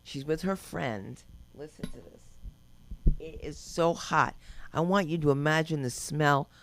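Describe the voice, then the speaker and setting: A woman's voice: sits low, a little slow, slight background noise. An older woman doing open-mic stand-up, telling brash, rambling stories and acting out quotes. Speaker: stand-up comedian. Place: comedy club stage.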